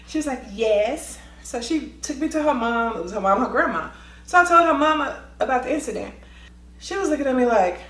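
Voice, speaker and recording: Woman, storytime vlogger, swooping lively delivery, roomy echo. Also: high-pitched. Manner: lively, acts out voices, quick asides. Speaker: teacher telling a story. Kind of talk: storytime vlog, animated retelling.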